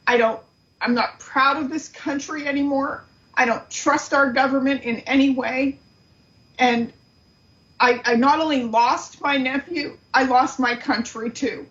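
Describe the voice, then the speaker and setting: A middle-aged woman speaks with a slightly high voice, earnest and grief-stricken, her words halting as she tells a painful story. The audio sounds dull and lo-fi. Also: fairly even intonation, fairly bright tone. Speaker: guest, aunt of the subject. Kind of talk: emotional interview storytelling.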